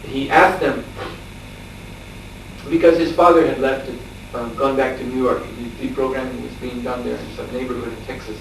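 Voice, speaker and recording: At a moderate pace and with some vocal fry, a male monk with an average-pitched voice tells a long anecdote during scripture class in a farmstead lecture room. He's conversational and relaxed, chuckling frequently and using hesitant fillers. A distant mic leaves the audio heavily reverberant with a faint hiss.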